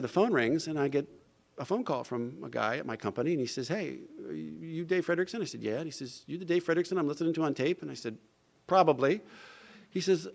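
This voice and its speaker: A man's voice: fairly high pitch, creaky. A middle-aged man from New Jersey giving a recovery talk, telling his story and acting out the dialogue, with frequent "you know" asides. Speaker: recovery speaker. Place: event hall.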